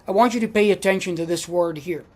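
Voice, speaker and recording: A woman's voice: lowish voice, fast talker, darkish tone. A woman giving a classroom lecture as a language teacher, patiently repeating each example.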